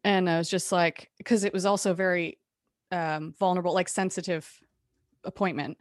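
Frank, lower-voiced woman telling her story. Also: moderate pace, no room sound, clean studio sound. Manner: frank and animated, with restarts and occasional swearing. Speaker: guest. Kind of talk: candid personal storytelling.

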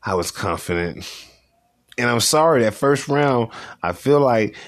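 A man's voice: medium pitch, animated, measured pace, no room sound. A young man hosting a casual solo podcast, talking in a loose, slangy way and repeating himself as he goes over fights. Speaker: podcast host.

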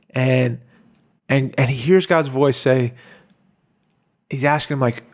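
A man's voice: medium pitch, fairly even intonation, takes it slowly, long pauses. A young man co-hosting a podcast, talking casually and earnestly with lots of "like" and "bro". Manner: earnest, heartfelt, full of "like" and "bro". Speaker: podcast co-host. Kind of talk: casual chat.

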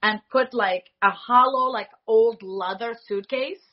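A woman in her forties, a foley artist, telling stories in an animated way and acting out the dialogue she quotes. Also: on the high side, a little slow, highs cut off. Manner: animated, acts out quoted dialogue, laughs often. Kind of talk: casual interview storytelling.

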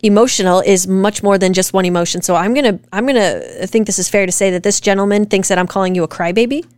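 A woman co-hosting a casual chat with her husband, talking in an animated, direct and profane way as she argues her point. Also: mid-range voice, quick pace, dry recording, studio quality. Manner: animated, direct and profane, rants with rising emphasis. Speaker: co-host, wife. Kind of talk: casual podcast chat reacting to comments.

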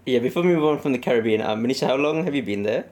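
A young Australian man hosts a laid-back podcast. He is easygoing and keeps the chat moving with questions, at an even pitch. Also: racing. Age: young adult. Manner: steers talk with questions, easygoing. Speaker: podcast host.

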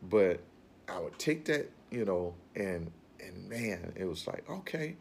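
Deep-voiced man giving a motivational talk. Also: lively intonation, slow pace, gravelly, a little mellow, a little hiss or hum. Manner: earnest, rambling, repeats phrases.

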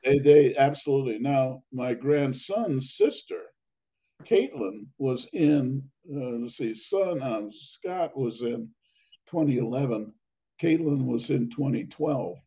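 An older man reminiscing about his academy days, halting with many fillers and restarts, his voice going hoarse and his throat needing clearing. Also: medium pitch, expressive, dark tone, rough recording. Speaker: interviewee, academy alumnus. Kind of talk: reminiscing conversation.

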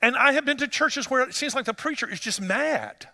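A man preaching a sermon as pastor, conversational and storytelling, rising to animated emphasis. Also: extremely high pitch, fairly quick, in a large hall.

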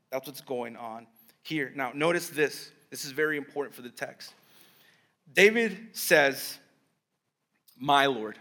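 A man's voice: on the high side, sharp tone. A male pastor preaching a sermon, explaining the text step by step and asking his listeners rhetorical questions.

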